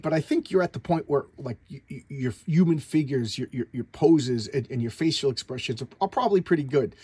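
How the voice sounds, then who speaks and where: A man with a slightly raised, husky voice walks through comic panels he loves. He stops and restarts constantly, repeating words as he searches for terms. The sound is dry and close, with no room around it. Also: fairly high pitch, dark tone, no echo. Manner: enthusiastic, self-doubting asides. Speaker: comic book reviewer. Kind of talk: casual comic review.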